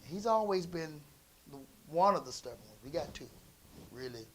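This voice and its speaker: A middle-aged male pastor preaching in a folksy, conversational way, dropping into soft asides and then rising into emphatic bursts. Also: fairly high pitch, lively intonation, normal speed, slight background noise. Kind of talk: storytelling sermon.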